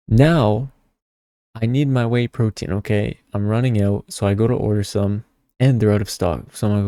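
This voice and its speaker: Young man, lowish mellow voice, dry close sound, casual vlog storytelling, swears, keeps saying okay. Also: fairly quick, no echo. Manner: chatty, swears a lot, keeps adding "okay?". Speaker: tarot vlogger.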